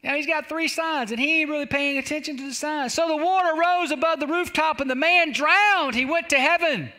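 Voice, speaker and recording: High, bright-voiced male pastor preaching. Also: brisk. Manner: exhorting, repeating calls of "come on". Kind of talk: sermon. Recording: long hall reverb.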